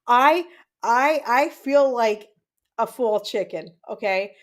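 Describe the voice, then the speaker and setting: Animated yet slow, with a slightly high voice, a Puerto Rican woman in her thirties runs a relaxed livestream. She reads viewer comments aloud and chats rambly, repeating herself and using plenty of fillers.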